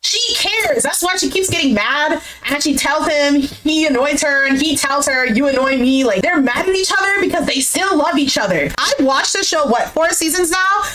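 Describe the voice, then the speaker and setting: A woman giving a casual, opinionated recap of a reality show, animated and exasperated, with lots of "like". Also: high voice, moderate pace, hardly any pauses, low-quality recording. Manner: animated, exasperated commentary with frequent "like".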